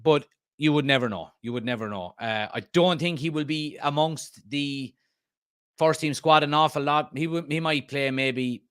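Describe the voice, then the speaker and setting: A man's voice: on the high side, normal speed, a bit bright, clean tone, no echo, clean studio sound. Rambling man reading live comments. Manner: casual, rambling, frequent fillers. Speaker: host of a football fan channel.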